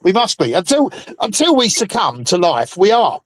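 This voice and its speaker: High-voiced man, blunt banter. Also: big pitch swings, normal speed, no echo. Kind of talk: casual chat.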